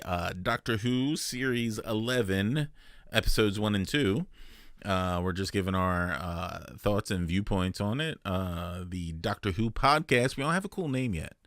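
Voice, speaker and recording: A man's voice: fairly low pitch, measured pace, fairly bright tone, no echo, clean studio sound. A man hosting a casual podcast, chatting in a jokey way that wanders off on tangents. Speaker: podcast host.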